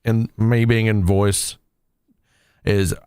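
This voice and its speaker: A man chatting casually, hyperactive and quick in his talk. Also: on the low side, little pitch movement, a little mellow, clear, resonant tone, no echo, studio quality. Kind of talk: casual chat.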